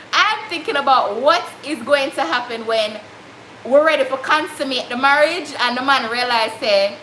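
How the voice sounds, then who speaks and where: A woman's voice: on the high side, bright, forceful tone. A young Jamaican woman with a Jamaican accent, telling a story in casual chat and slipping into patois. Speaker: vlogger. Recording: echoey room, faint background noise.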